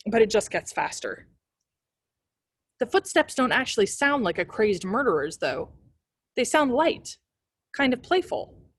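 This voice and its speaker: A woman's voice: a little high, dry recording. Woman reading a spooky novel aloud. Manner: expressive first-person storytelling. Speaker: librarian reading a book aloud.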